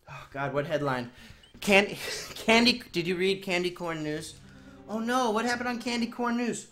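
A woman streaming a speedrun, talking in a joking, excitable way that swings to shouting, in an echoey room. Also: mid-range voice, moderate pace, faint music behind. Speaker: video game streamer. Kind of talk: live-stream commentary while speedrunning.

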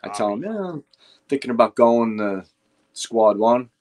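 An older man with a New York accent telling animated, profane stories of his firefighting days, acting out what others said. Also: lowish voice, moderate pace. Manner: profane, animated anecdotes with acted-out quotes. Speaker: guest, retired fire lieutenant. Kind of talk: casual storytelling chat.

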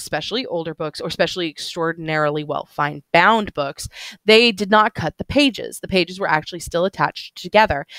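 A woman's voice: fairly low pitch, a bit bright, dry recording. A woman teacher reading a novel aloud to her class and explaining it, often stumbling over words and apologizing.

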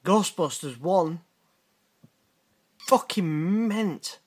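Slow-talking, sweary British man. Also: high-pitched, expressive, breathy edge. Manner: blunt, sweary, teasing banter. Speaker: channel host reacting to viewer messages. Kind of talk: casual reaction commentary.

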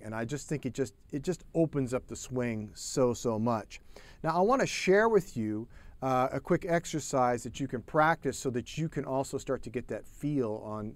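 A man giving a relaxed, chatty drum lesson, counting beats aloud as he plays. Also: medium pitch, dry recording. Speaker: drum teacher. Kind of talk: casual spoken drum lesson.

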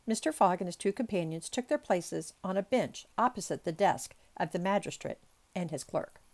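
A woman's voice: fairly low pitch, expressive, normal speed, a little mellow. A woman reading a classic novel aloud as an amateur audiobook, making chatty asides and stumbling over unfamiliar words. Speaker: audiobook reader.

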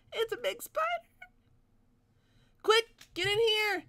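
A woman's voice: extremely high pitch, fairly even intonation, takes it slowly, fairly bright tone, no echo. Jumpy, foul-mouthed young woman gamer. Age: young adult. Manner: jumpy and profane, shrieking at scares. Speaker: gaming video creator. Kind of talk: horror game let's play commentary.

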